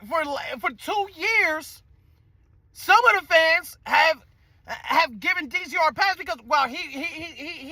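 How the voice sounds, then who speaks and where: High, bright-voiced man ranting about sports. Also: no room sound. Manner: heated, profane, repeats himself. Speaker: sports podcast host.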